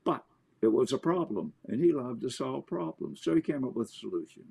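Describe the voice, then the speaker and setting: A man, an author and interview guest, telling anecdotes in an animated way. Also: medium pitch, brisk, vocal fry, breathy edge. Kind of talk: storytelling in an interview.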